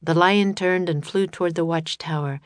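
A woman reading a children's adventure story aloud in a steady, scripted narration. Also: on the low side, normal speed, dry recording. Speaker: audiobook narrator.

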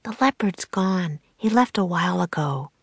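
A woman voicing a brave, caring young girl in a storybook reading, with a high, eager voice. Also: big pitch swings, unhurried, creaky, slightly rough, no echo, heavily acted. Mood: hushed. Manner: bright, eager, high girlish voice.

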